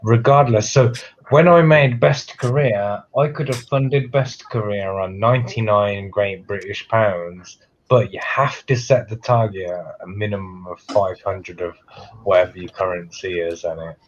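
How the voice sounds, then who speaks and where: A man's voice: lowish voice, measured pace, slight background noise. A man from the United Kingdom co-hosting a casual online chat, chatty and explaining things at length. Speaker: co-host. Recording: dull lo-fi call audio.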